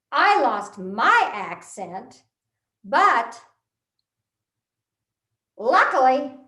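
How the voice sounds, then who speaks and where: Woman from Texas, humorous speech, high-pitched voice, echoey room. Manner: animated, punchline-driven delivery with deliberate pauses. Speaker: contest speaker.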